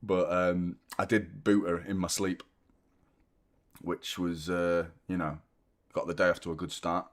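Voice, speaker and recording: A man's voice: low voice, level tone, unhurried. A man, chatting casually and self-mockingly as host of a football watchalong stream, swearing freely. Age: 30s. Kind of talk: casual live-stream chat.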